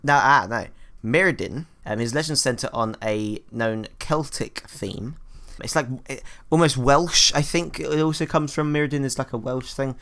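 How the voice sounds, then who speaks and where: A man's voice: medium pitch, a little slow, few pauses, fairly bright tone. A man co-hosting a casual gaming chat, who laughs often and stumbles over names. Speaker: gaming video co-host.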